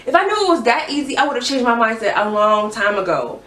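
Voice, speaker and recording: A young woman telling her own story in a halting, earnest way, restarting her sentences often. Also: on the high side, big pitch swings, a bit bright. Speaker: vlogger sharing a personal story. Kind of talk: candid personal testimony. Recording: echoey room, mic at a distance.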